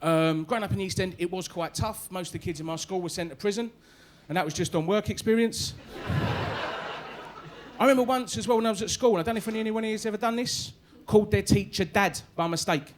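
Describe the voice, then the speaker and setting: A man's voice: high voice, fast talker, a little hiss or hum. A man in his forties with a London Cockney accent, doing a punchy, chatty stand-up set on a comedy club stage. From East London, England. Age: 40s. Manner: punchy, chatty, tags lines with "right?".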